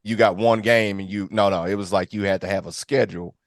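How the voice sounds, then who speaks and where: Low-voiced host, dry close sound. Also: male voice, no room sound. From California. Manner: relaxed, reflective, quick reactions and laughs. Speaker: podcast host. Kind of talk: casual interview chat.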